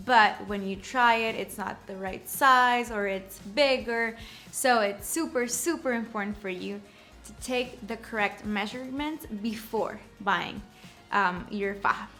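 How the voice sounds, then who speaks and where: Slow-talking young woman giving a how-to. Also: fairly high pitch, fairly bright tone, faint music behind. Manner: slow, repeats words and checks in with "okay?". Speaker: shapewear presenter. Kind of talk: casual how-to demonstration.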